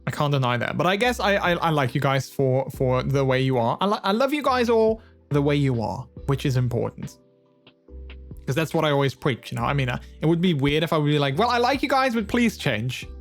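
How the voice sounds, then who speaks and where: A young man chatting casually with his stream viewers in a rambling, playful way, laughing easily and filling pauses. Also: on the high side, expressive, faint music behind. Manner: rambling, playful, quick to laugh, many fillers. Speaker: live streamer.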